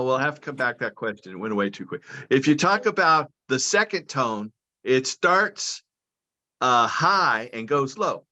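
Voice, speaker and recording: Interviewed by video call, this man walks through his points carefully, one step at a time, in a lecturing style; he's a guest advocating for cannabis and hemp. His medium-pitched voice has a pushed, bright quality.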